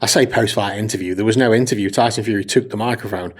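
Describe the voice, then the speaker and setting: A man's voice: on the low side, quick pace, husky. A man co-hosting a podcast in casual chat, sweary and rambling, laughing often and filling gaps with ums. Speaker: podcast co-host.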